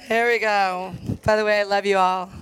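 A woman's voice: medium pitch, steady tone, moderate pace. A woman speaking at an outdoor wedding, chatty and emotional, reading a poem aloud into a handheld microphone. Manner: warm, emotional, chatty with the crowd. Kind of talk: speech and poetry reading at a wedding. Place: outdoor desert gathering. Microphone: handheld microphone close to the mouth.

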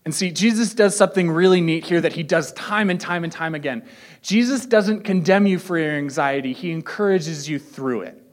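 Guy preaching a laid-back sermon, kinda higher voice, cracks jokes, acts out little voices. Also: normal speed. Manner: joking, self-deprecating asides; conversational, acts out quoted voices. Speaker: pastor.

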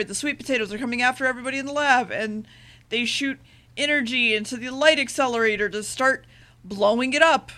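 Bright-voiced woman rambling through a recap. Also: high-pitched. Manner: rambling, profane recap with loose paraphrased dialogue; rushes her words. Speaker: podcast co-host recapping an episode. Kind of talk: casual chat.

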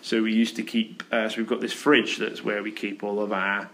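A man's voice: lowish voice, flat delivery, moderate pace, a bit bright. Rambling man hosting a podcast. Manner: rambling anecdotal storytelling with fillers. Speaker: podcast host. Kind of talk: casual podcast chat. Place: office.

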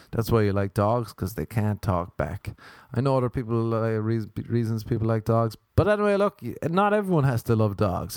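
A man's voice: medium pitch, expressive, normal speed, a little mellow, no echo. A man with an Irish accent telling a rambling comic rant, swearing freely and mocking people. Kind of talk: casual comedic rant.

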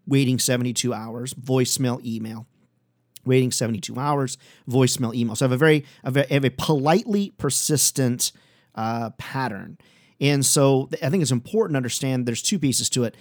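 A man hosting a sales training podcast, talking in an energetic, upbeat and conversational way. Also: medium pitch, no echo, studio quality. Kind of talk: solo podcast talk.

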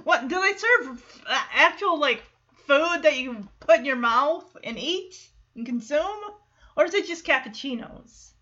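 A woman's voice: sits high, lively intonation, measured pace, sharp tone. A woman hosting a podcast who recaps a sitcom episode in a chatty way, laughs often and acts out the lines she quotes. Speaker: podcast host. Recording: muffled lo-fi recording.

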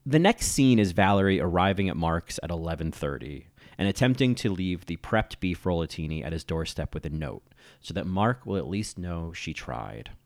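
A man's voice: low-pitched, expressive, moderate pace. A man narrating a scripted video essay as a TV critic, analytical and admiring.

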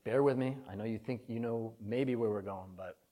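A man's voice: on the low side, moderate pace, warm tone. A man preaching a conversational sermon, telling a personal story in an earnest, candid way that swells with feeling.

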